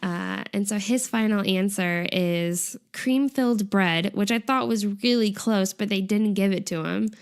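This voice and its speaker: A young woman in a relaxed co-hosted chat, walking through scenes from a variety show. She talks in a loose, chatty way, dropping fillers and laughing at the funny parts. Her voice sits at an ordinary middle pitch. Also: measured pace, few pauses, clear, resonant tone. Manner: chatty, giggly, lots of "like" fillers. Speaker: podcast co-host.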